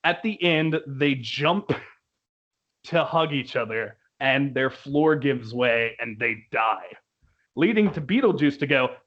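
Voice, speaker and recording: A man's voice: mid-range voice, unhurried, fairly bright tone. Laughing young man reviewing a show. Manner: laughs often, quotes lines in put-on voices. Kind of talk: casual review chat. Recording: dull lo-fi recording.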